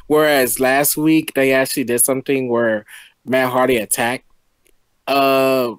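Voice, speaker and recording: A man's voice: mid-range voice, level tone, measured pace, clear, resonant tone, dry recording. A man co-hosting a wrestling review show, laid-back and mildly disappointed in casual chat.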